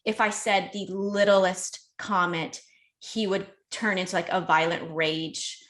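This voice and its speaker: A woman's voice: mid-range voice, steady tone, fairly bright tone. Emotional woman telling a personal story. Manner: emotional, rushed, heavy use of "like". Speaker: podcast guest. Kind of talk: candid conversational storytelling.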